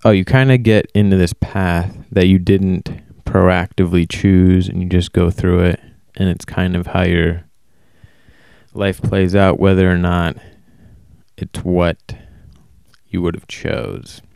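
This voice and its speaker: A man talking alone in a casual, rambling monologue, flat and self-described as monotone, often stopping to correct himself. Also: low-pitched, slow, vocal fry, clear, resonant tone, no echo, clean studio sound. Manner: casual, swears. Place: warm indoor room.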